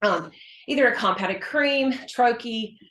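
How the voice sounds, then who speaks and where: A woman's voice: on the high side, slow pace, fairly bright tone, slight background noise. A woman working as a hormone health practitioner, chatting emphatically in an interview and acting out her exchanges with patients. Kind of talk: casual interview explanation. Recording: roomy echo.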